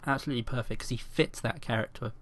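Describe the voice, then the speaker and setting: A man's voice: mid-range voice, fairly even intonation, fast, a bit bright. A man hosting a casual podcast chat, opinionated and emphatic as he talks. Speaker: podcast host.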